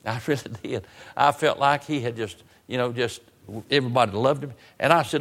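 A man's voice: normal speed, fairly bright tone. Man preaching a heartfelt sermon. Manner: repetitive restarts, rising to raised emotional pitch when retelling his pleas. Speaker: pastor. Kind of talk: sermon storytelling.

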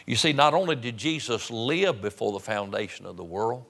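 A pastor preaches in a church, his voice sitting at an ordinary middle pitch for a man. He reads scripture slowly, leaning hard on key words, then slips into folksy talk with little restarts. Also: creaky, a bit bright. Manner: slow, emphatic reading of scripture with rising stress on key words. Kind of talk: sermon. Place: church sanctuary.

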